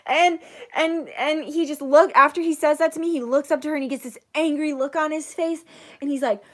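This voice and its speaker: Young woman, high voice, casual storyteller who curses a lot and acts out quotes. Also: brisk. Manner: animated, swears freely, acts out quotes. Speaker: channel host, psychic reader.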